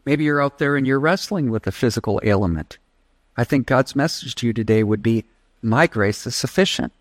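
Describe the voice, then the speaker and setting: A man's voice: medium pitch, no echo. A man preaching a sermon as pastor, emphatic, leading the congregation in call-and-response.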